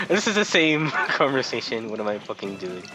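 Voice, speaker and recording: A man's voice: medium pitch, big pitch swings, moderate pace, music in the background. A young man casually commenting on a game he is playing while telling a rambling story, swearing freely and sounding exasperated. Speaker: gameplay commentator. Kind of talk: casual let's-play storytelling.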